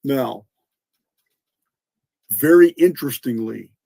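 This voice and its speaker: A man hosts a podcast in a slow, warm, husky voice of medium pitch with vocal fry, with no echo in the recording. His earnest lecturing monologue is full of restarted words and spelled-out names, and he coughs a little and clears his throat.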